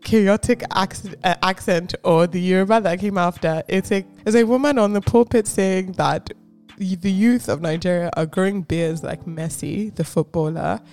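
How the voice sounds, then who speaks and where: A woman's voice: lowish voice, moderate pace, a little mellow, faint music behind. A woman co-hosting a podcast, chatting casually, teasing and reading from her notes. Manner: laughing, teasing, reads notes aloud. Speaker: podcast co-host. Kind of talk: casual chat.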